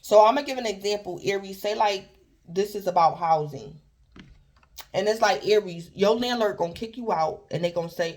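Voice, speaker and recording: Speaking at a moderate pace in a mid-range, somewhat dark voice, a woman gives a casual tarot reading. She rambles and repeats herself, repeatedly addressing the listener by their star sign.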